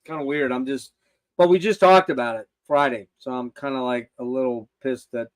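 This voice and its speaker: A man's voice: mid-range voice, normal speed. An older man hosting a casual livestream, rambling and swearing with loose laughter. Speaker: host.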